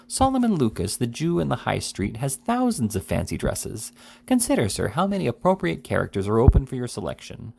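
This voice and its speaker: A man reading the part of a grave, pompous gentleman who flatters his guest in formal speech full of "sir". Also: mid-range voice, fairly quick, vocal fry, a little hiss or hum, pitched above the performer's own voice. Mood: fawning.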